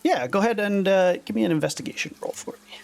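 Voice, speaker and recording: A man narrating as dungeon master, relaxed and halting, with many fillers, over a voice call. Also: high-pitched, creaky. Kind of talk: narrating a tabletop game.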